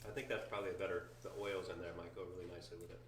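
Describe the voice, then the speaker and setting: A man's voice: low voice, little pitch movement, racing, a bit bright. A man, a winery founder, musing aloud about flavors during a casual wine tasting. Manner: reflective, muses aloud. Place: wine cellar. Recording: roomy, distant mic, faint noise.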